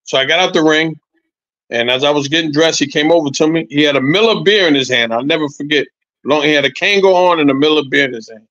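A man in his sixties, a former boxer, telling animated, profane stories as a podcast guest, repeating his points. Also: a little high, fast, no echo, highs cut off. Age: 60s. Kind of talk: casual podcast chat.

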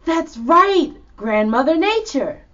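A woman's voice: sits high, sing-song, slow pace, fairly bright tone. A woman presenting a children's show in an encouraging, upbeat way. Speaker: host. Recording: dull lo-fi sound.

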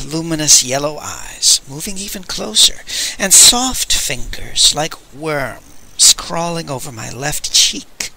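A man reading a novel aloud in first person, with an expressive, dramatic delivery. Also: on the high side, rough recording. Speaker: audiobook reader. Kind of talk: first-person audiobook narration.

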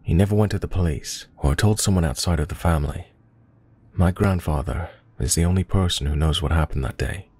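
A man reading a true scary story aloud as a scripted horror narration, slow and measured. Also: low voice, darkish tone, no room sound.

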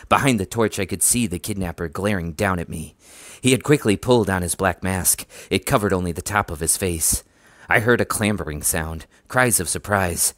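A man reading a children's horror storybook aloud in a steady, even narration. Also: sits low, no room sound, studio quality. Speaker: audiobook reader.

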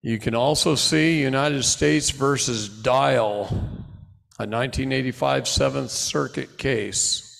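A middle-aged man giving a live seminar lecture to an audience, preaching in animated bursts that drop to low asides. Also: vocal fry. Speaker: seminar speaker. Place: large hall before a live audience. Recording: long hall reverb.

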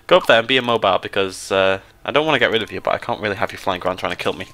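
An excitable British man narrates a game in a casual commentary, his voice swinging widely in pitch with a bright, forceful edge. He is prone to sudden high squeals, with faint game music behind him. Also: quick pace. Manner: excitable, jumps into high squeals when surprised or delighted. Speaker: let's play host.

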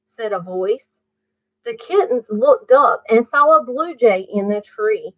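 A woman reading a bedtime story aloud to children, pausing to ask the listener questions. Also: on the high side, animated, dry recording. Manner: slow, asks the listener questions. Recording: muffled dry recording.

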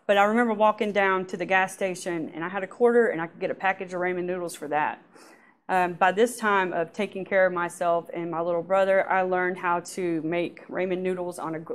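An adult woman with a somewhat low voice gives her personal church testimony. She speaks softly and haltingly, and her sentences often trail off.

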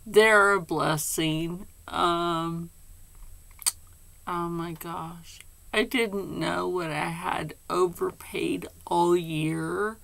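An older woman chatting casually to camera as a channel host. She rambles softly, often slides into a half-whisper, and gets emotional and tearful at times. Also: fairly low pitch, creaky.

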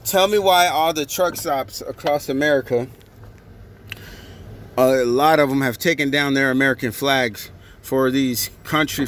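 A man ranting bluntly and with a lot of swearing in a casual monologue, as a truck driver filming himself at a truck stop. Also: mid-range voice. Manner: blunt, profane, heated. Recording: outdoor traffic noise.

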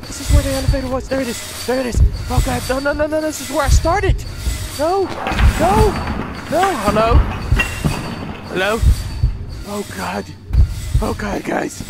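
Very high-voiced panicky man gaming. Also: animated, normal speed, vocal fry, pauses often. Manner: panicky, screaming, melodramatic. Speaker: gaming video host. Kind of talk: horror game commentary. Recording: loud background music.

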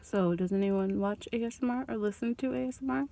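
A woman's voice: mid-range voice, a little fast, vocal fry, warm tone. Chatty young woman eating in her car. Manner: rambling, chatty, eating and coughing while talking. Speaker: beauty vlogger. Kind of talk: casual mukbang chat. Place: parked car. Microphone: phone held in hand.

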